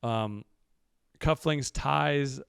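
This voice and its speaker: A man's voice: medium pitch, extremely slow, vocal fry, a bit bright, smooth, no echo, studio quality. A man co-hosting a casual podcast, rambling loosely with lots of restarts, a bit out of breath. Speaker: podcast co-host.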